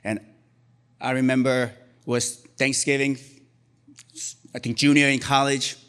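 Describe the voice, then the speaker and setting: A Korean-born man in his forties tells a true story on stage, his voice sitting at an ordinary middle pitch. He keeps a wry, self-mocking humor running through it, with an easy, unhurried storytelling delivery at a live story slam. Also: little pitch movement, fairly bright tone, clean tone.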